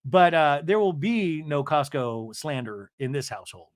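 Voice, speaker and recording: A man hosting a podcast, recapping a reality show in an animated, sarcastic way and swearing freely. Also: fairly high pitch, moderate pace, no echo, clean studio sound. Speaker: podcast host.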